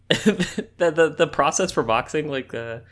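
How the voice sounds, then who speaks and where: A man's voice: fairly high pitch, slow. A man co-hosting a casual podcast chat, telling a long story with lots of fillers and laughter. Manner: rambling, animated storytelling with frequent fillers and laughs. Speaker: podcast co-host.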